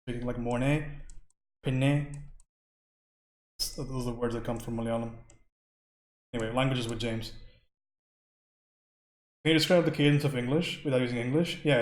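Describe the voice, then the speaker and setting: A man's voice: medium pitch, steady tone, normal speed, long pauses, roomy sound. A man from India chatting casually with his stream viewers while painting. He rambles, laughs often and answers questions from chat.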